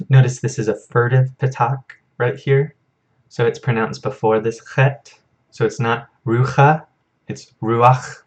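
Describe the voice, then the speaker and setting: A young man teaching a casual vocabulary lesson in a relaxed, self-correcting way, chuckling at his own memory tricks. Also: mid-range voice. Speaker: Hebrew teacher.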